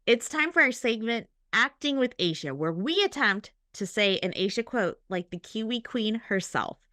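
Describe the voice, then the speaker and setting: A woman hosting a podcast in casual chat, agreeable and quick with short affirmations. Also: on the high side, expressive, bright, forceful tone, no room sound, studio quality. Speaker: podcast host.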